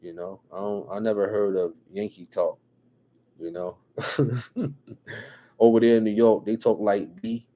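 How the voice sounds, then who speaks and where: A man from New Jersey with a New Jersey accent, hosting a casual live stream, reading viewer comments and chatting in a relaxed way with lots of repeated phrases. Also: on the low side, measured pace, pauses often. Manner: relaxed, repeats phrases, frequent "you know what I'm saying", chuckles often.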